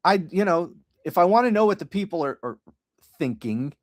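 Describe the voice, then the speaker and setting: A man's voice: high-pitched, lively intonation, moderate pace, a little mellow, no echo, clean studio sound. A middle-aged man hosting a political podcast livestream, ranting bluntly and profanely with frequent restarts.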